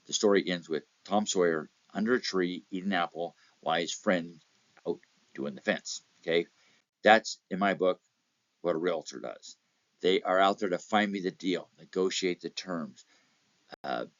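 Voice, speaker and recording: A man's voice: deep voice, dry recording, muffled recording. A man giving a motivational real estate talk, telling anecdotes, acting out little voices in them and checking in with "okay?". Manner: tells anecdotes, acts out voices, repeats "okay?".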